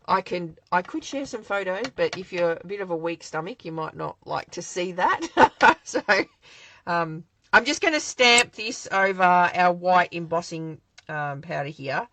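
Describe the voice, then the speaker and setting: A woman's voice: lowish voice, fairly bright tone, poor audio. An Australian woman hosting a live craft demonstration from her home craft shed, chatting in a rambling way and answering viewer comments as she works.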